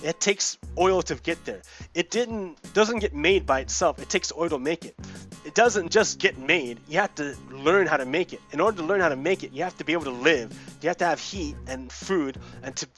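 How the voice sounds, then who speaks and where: A man's voice: a little high, animated, normal speed, a bit bright, soft background music. A man hosting a gaming video, ranting heatedly about politics with lots of swearing and repetition. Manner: heated, profane, repeats himself. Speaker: let's play host. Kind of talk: casual political rant while gaming.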